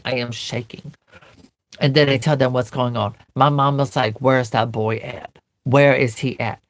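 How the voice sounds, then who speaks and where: In a dry recording, a woman with a low voice tells her camera about a painful memory, narrating it earnestly in vivid present tense. She's a vlogger who collects dolls.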